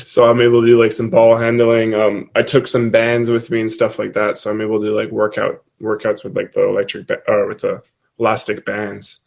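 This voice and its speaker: A young man from Canada, a college basketball player, chatting casually as a guest in an interview, relaxed and quick to laugh. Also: lowish voice, vocal fry. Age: young adult. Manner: laid-back, laughs often, lots of "like".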